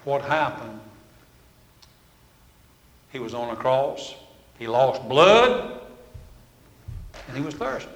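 A man preaching a sermon in a folksy, storytelling way, swinging from loud to hushed. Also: mid-range voice, sing-song, slow, long pauses. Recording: echoey hall with long reverb.

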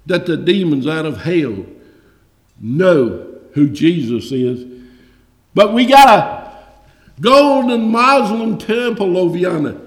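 A man preaching a sermon with passion, surging loud and high, then dropping low. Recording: echoey hall reverb.

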